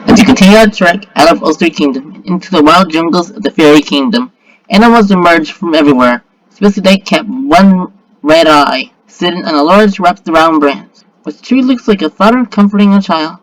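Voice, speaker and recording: A man reading his own adventure story aloud, steady and plain, with small slips. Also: fairly high pitch, brisk, poor audio.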